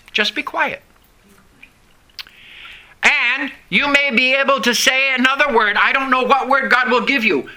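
High, bright-voiced male preacher. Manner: preaching with call-and-response, dramatic pauses and drops in pitch. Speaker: pastor. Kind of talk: sermon.

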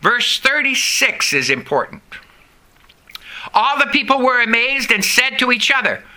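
Middle-aged male pastor, high bright voice, sermon delivery with call-and-response and sudden low drops. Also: expressive. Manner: preaching with call-and-response, dramatic pauses and drops in pitch.

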